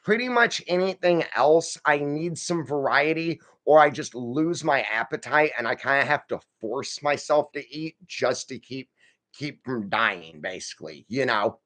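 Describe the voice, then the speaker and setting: A man's voice: mid-range voice, lively intonation, measured pace, fairly bright tone. A man hosting a casual live stream, rambling and folksy as he reads out viewer comments and answers them. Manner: folksy, calls viewers friend and y'all.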